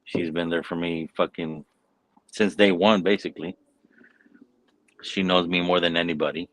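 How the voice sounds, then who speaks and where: A man's voice: sits low, steady tone, moderate pace, a bit bright, rough recording. A man hosting a casual chat, telling a long story loosely and swearing constantly. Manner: profane, rambling storyteller. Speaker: podcast host.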